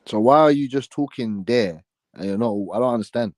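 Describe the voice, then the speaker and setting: A man with a mellow, darker voice arguing in a casual chat, dry and close to the mic. He mocks his opponent and cuts over him again and again. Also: medium pitch, fairly quick, no room sound. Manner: mocking, argumentative, talks over others. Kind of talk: heated casual debate.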